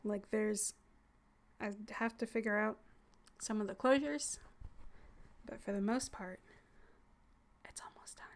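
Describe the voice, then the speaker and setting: Woman streamer chatting super slow and soft, teasing, whispers now and then. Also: mid-range voice. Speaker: hypnosis content streamer. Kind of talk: casual livestream chat.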